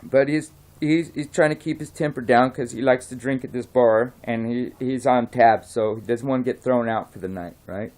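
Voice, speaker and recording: A man casually telling a long pub joke, rambling with frequent restarts and often soft-spoken. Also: medium pitch, steady tone, normal speed, few pauses. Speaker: joke teller.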